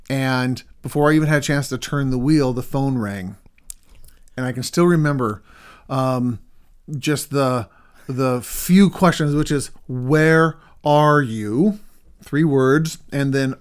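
In a casual conversation with his wife, a middle-aged counselor tells a story in a smooth, medium-pitched voice, growing animated whenever he reenacts things.

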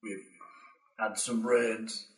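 A man's voice: fairly low pitch, level tone, drawn-out words, a bit bright. A man at a gaming table voicing a sullen captive troglodyte who speaks in short, broken phrases, recorded with a roomy sound from some distance. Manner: terse, broken grammar. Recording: roomy, mic far from table.

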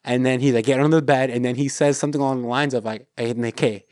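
An American man hosting a casual podcast, telling a movie scene in an animated, rambling way. His voice sits in a middle register and sounds dry and close to the mic. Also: mid-range voice, very fast, no echo. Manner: animated retelling, acts out movie lines. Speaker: podcast host. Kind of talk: casual chat.

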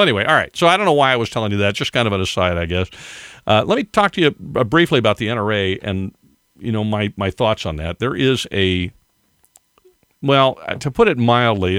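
A man's voice: fairly low pitch, big pitch swings, fairly quick, a bit bright, dry recording, studio quality. An older man hosting a podcast, rambling through a casual monologue with chuckling asides. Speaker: podcast host.

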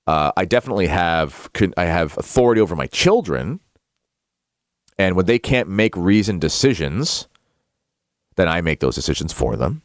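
A man's voice: deep voice, sing-song, moderate pace, no echo, studio quality. A male talk show host giving a rambling monologue, then reading a book aloud, with frequent fillers and self-corrections.

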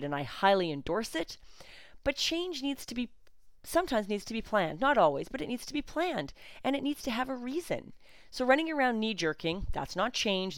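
Blunt woman, smooth low voice. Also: no echo. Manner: blunt, outspoken; sarcastic at times. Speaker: podcast host and coach. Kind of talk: solo podcast monologue.

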